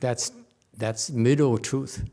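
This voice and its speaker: A man giving a casual Buddhist dharma lecture as teacher, animated and joking, repeating words and mimicking voices. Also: mid-range voice, slow. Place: temple lecture hall.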